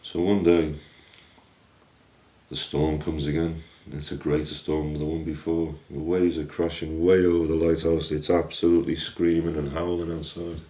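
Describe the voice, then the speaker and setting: A man narrating a folk tale in a lively, homely way, his voice very deep and dark. He sounds a little distant from the mic, in a room with a clear echo. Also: normal speed. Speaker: storyteller. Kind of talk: storytelling narration.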